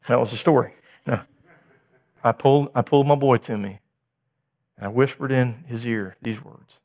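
A middle-aged man preaching a sermon, telling a family story with lively acted-out dialogue. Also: medium pitch, normal speed, pauses often. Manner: animated storytelling, acting out dialogue. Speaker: pastor.

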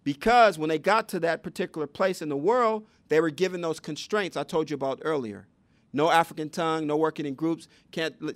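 Man lecturing with a fairly high voice. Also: vocal fry, dry recording. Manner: rhetorical questions, conversational teaching. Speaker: education speaker. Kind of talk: public lecture.

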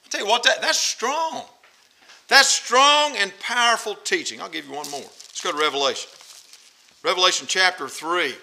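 In poor audio, a male preacher delivers a sermon in a high, ringing voice with a sharp, intense tone. He drives home every point, repeats key phrases, and fires rhetorical questions at his listeners.

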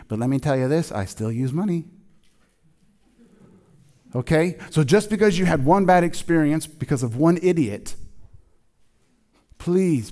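A man preaching a sermon in church in a conversational, emphatic way, often dropping suddenly to a quiet voice. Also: a little high. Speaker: pastor.

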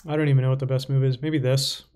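A man's voice: medium pitch, flat delivery, fast talker, darkish tone, smooth. A young man casually thinking aloud while playing online chess, muttering to himself with playful asides. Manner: casual, self-talking, playful asides and mumbles. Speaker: chess streamer.

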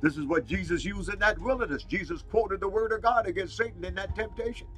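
A man's voice: high voice, quick pace, a bit bright, faint music behind, rough recording. A man preaching a fiery sermon, repeating his phrases and calling out "Glory to God" and "Hallelujah" between points. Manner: fired up, repeats phrases for emphasis.

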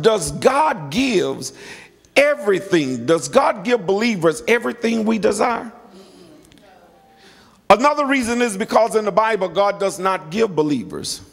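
High-voiced preacher in a reverberant hall. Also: male voice, gravelly. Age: middle-aged. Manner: emphatic preaching with repeated words and calls to the congregation. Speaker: pastor. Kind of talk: sermon.

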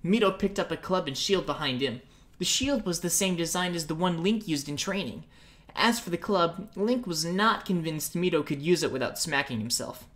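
A woman narrating a fan-made storybook audiobook with even storytelling. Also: on the low side, moderate pace.

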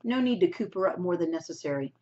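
A woman's voice: lowish voice, lively intonation, mellow, lightly acted. A woman reading aloud and voicing a stern, practical older housekeeper in a storybook, on a dull lo-fi recording. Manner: firm, measured, warning.

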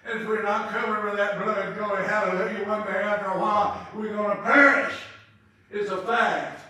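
High, bright older preacher in an echoey hall. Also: male voice, fairly even intonation. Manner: halting, heavy on filler sounds, bursts into loud praise. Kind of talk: revival-style funeral sermon. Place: funeral home chapel. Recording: echoey room, distant mic.

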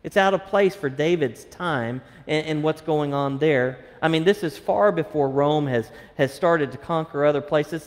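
A man's voice: fairly high pitch, darkish tone. A man preaching a sermon as pastor, reading scripture and explaining it with fillers and restarts. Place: church sanctuary. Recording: long church hall reverb.

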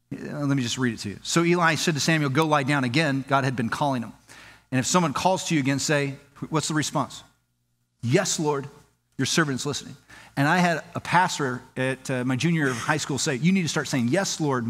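A man from Southern California preaching a sermon as pastor, telling his story with lively acted-out quotes. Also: big-room sound. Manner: animated storytelling, acts out quoted dialogue with rising pitch. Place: church sanctuary.

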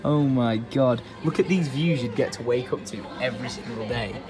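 A man vlogging casually from a hotel restaurant, excitable and jokey, swearing casually. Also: medium pitch, normal speed. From England. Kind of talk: casual vlog chat. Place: hotel restaurant high up a tower, indoors. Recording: music and crowd chatter behind.

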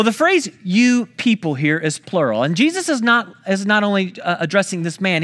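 A man's voice: sits high, a bit bright. A man preaching a sermon, talking through a scripture story in a conversational way, with storytelling asides to the congregation. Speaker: pastor.

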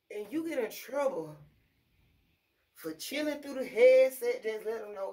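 Woman, slightly high voice, blunt profane venting, casual vlog rant. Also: expressive, mellow. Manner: blunt, profane, venting about her fast-food job. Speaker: vlogger.

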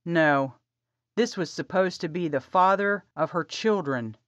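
A woman narrating an audiobook in a calm, measured way. Her voice sits low and her pace is slow. The recording is dry and slightly dull. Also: dry recording. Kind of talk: scripted narration.

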